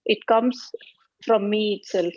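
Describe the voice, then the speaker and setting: A woman student answering her teacher's question, hesitant and pausing often with fillers. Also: mid-range voice, darkish tone, dry recording, muffled recording. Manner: hesitant, with many pauses and fillers.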